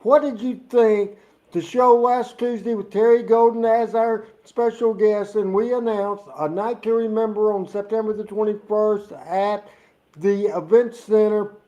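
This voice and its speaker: Excitable high-voiced man from Arkansas. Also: a little slow, lo-fi sound. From Jonesboro, Arkansas. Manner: excitable, joking, promotional. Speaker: co-host. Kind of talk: casual wrestling talk show chat.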